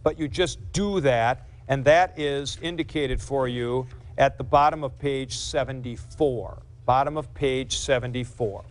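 Man, classroom lecture, slow, repeats points, corrects himself. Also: mid-range voice. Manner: explains carefully, repeats key points, stops to correct himself. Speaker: Greek teacher.

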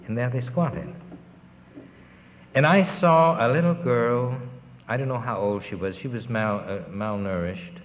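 A man's voice: medium pitch, slight background noise. An older man, a relief worker, telling earnest, rambling stories of his work abroad in a recorded interview. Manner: rambling, earnest storytelling with pauses. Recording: tinny, lo-fi tape with long reverb.

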